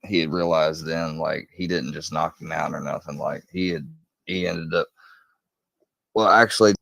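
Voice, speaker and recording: A man with a very low voice talks in a loose, rambling way, swearing freely. He jumps up into a higher, louder voice when he acts out what people said. The sound is close and dry, with no room around it. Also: fairly even intonation, moderate pace, vocal fry, no echo. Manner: profane, rambling, acts out quotes in a raised voice. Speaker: true crime storyteller. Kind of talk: casual storytelling rant.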